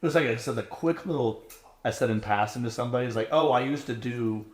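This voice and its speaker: A man's voice: mid-range voice, fast. Candid thirties man in an echoey room. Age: 30s. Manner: candid, animated, acts out quoted voices. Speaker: interviewed contestant. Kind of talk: casual interview chat.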